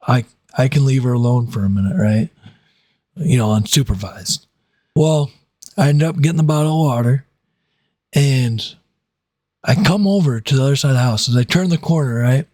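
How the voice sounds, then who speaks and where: Rambling young man telling a story. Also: no room sound. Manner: rambling, many fillers and restarts, voices quotes in a higher pitch. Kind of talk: casual storytime.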